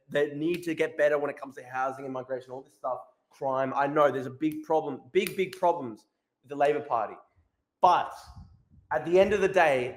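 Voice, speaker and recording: Australian man, mid-high voice, crude mocking stream ranter, roomy echo. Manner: crude, mocking, repetitive ranting. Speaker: live streamer. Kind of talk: casual live-stream commentary.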